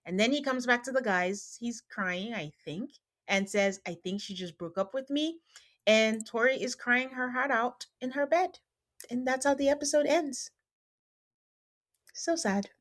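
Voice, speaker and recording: A woman's voice: a little high, unhurried. A woman hosting a podcast, casually recapping a reality show and acting out what people said. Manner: quotes people in animated retellings. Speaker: podcast host.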